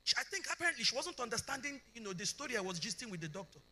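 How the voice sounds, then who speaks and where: A middle-aged Nigerian woman speaking at a conference delivers a testimony sermon in a bright, forceful, rapid-fire voice. Her storytelling is animated, with wide pitch swings as she performs both sides of every dialogue, and she frequently asks the congregation whether they understand.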